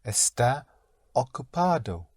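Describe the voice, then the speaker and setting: A man's voice: mid-range voice, very animated, takes it slowly, darkish tone, no echo, clean studio sound. A man answering as a student in a language lesson, hesitant and correcting himself.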